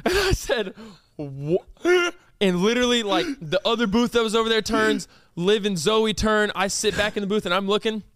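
A man's voice: high voice, a little fast, hardly any pauses, clean tone, no room sound, studio quality. A young man, a podcast host telling a story casually and animatedly with lots of fillers. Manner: animated, with many fillers and reenacted quotes.

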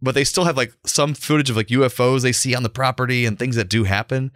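A young adult man, co-hosting a casual podcast chat as an animated storyteller who laughs often. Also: mid-range voice, fast, no room sound, clean studio sound. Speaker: podcast co-host.

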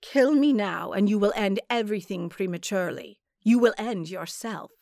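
A woman voicing a cold, commanding old witch who speaks low, soft and menacing. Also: normal speed, vocal fry, no room sound, clean studio sound, close to an everyday voice.

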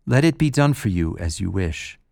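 Male reader voicing a stern teaching figure, gravelly, dry booth sound, scripture reading. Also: low-pitched, big pitch swings, moderate pace, a little mellow, no room sound, heavily acted. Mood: solemn. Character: male teacher rebuking and consoling, authoritative.

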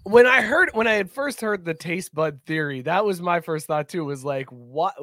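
A podcast host in casual chat, lively and laughing often as they steer the talk to new topics. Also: mid-range voice, moderate pace, dry recording, clean studio sound.

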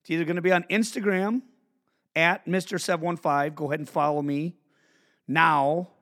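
A man hosting his own podcast, ranting in a profane monologue that swings from low mutters to shouts. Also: fairly even intonation, moderate pace. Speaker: podcast host.

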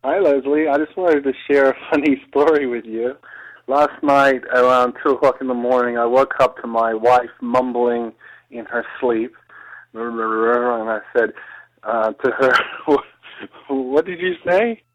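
A man's voice: medium pitch, level tone, measured pace, highs cut off. A man from the UK leaving a casual voicemail for a podcast host, amused and laughing as he talks. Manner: amused, laughing through his story.

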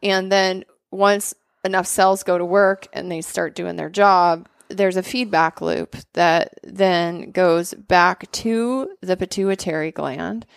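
A woman co-hosting a health podcast, explaining things in a quick, conversational way and often checking in with "right?". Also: on the low side, fairly even intonation, vocal fry, clean tone, dry recording. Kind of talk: explanatory casual chat.

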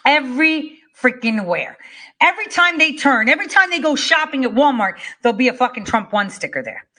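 Fired-up woman swearing a lot, rallying folks, kinda higher voice. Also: lively intonation, brisk, pushed and bright. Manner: profane, emphatic, rallying. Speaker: political speaker. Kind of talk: impassioned monologue.

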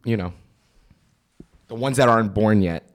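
A man's voice: on the low side, moderate pace, slight background noise. A young man guesting on a podcast, telling stories in a laid-back, laughing way. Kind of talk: casual chat.

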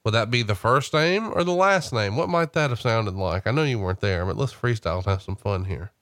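A man's voice: fairly low pitch, expressive, a little fast, fairly bright tone, no echo, clean studio sound. Chatty man hosting a podcast. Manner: chatty storyteller who reads out quotes. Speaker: host. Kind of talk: casual podcast conversation.

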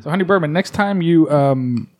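A man's voice: fairly high pitch, lively intonation, normal speed, a little mellow. A man co-hosting a podcast, wry and skeptical, laughing often in casual banter. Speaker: podcast co-host.

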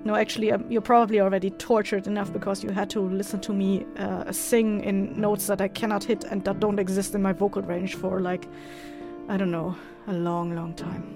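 A woman's voice: medium pitch, flat delivery, brisk, music in the background. A woman recording outtakes for an audio musical, laughing and mocking her own singing between takes. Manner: laughing, self-mocking, swearing at her mistakes. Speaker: voice actor recording songs. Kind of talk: studio outtakes, casual banter.

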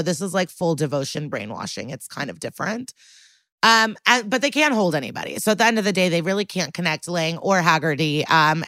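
A woman's voice: lowish voice, fairly bright tone, no echo. Chatty woman recapping an episode. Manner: chatty, acts out quoted lines with mock voices. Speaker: podcast co-host.

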